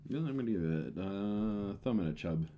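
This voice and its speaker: Lower-voiced tipsy podcast co-host, animated. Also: male voice, normal speed, lo-fi sound. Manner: emphatic, profane, excitable. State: tipsy from drinking. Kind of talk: casual drinking-show banter.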